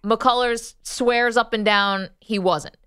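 A woman's voice: on the high side, fairly even intonation, takes it slowly, a bit bright, clean tone. A woman co-hosting a casual sports chat in a playful, laughing way. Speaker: co-host.

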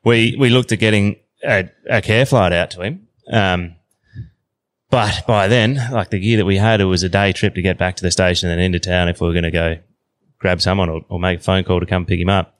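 A man in his thirties with an Australian accent, telling a story as a podcast guest in a relaxed, slangy way. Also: deep voice, brisk. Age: 30s. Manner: relaxed yarn-spinning, slangy. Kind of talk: casual storytelling.

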